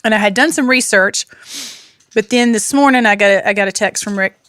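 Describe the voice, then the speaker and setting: A woman hosting a podcast in a studio, chatting casually and teasing her co-hosts with playful nicknames. Her voice sits at a medium pitch and sounds close and dry, with no room around it. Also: fairly quick, a bit bright, no echo. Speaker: podcast host. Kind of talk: casual group chat.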